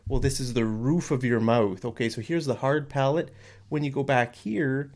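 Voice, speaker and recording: A man with a North American accent giving a casual online English lesson at home, chatty and excitable, explaining with many fillers and restarts. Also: mid-range voice, moderate pace. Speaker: English teacher.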